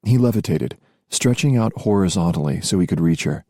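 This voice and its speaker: Deep, husky male audiobook narrator. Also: normal speed, warm tone, no echo, clean studio sound. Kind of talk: scripted narration.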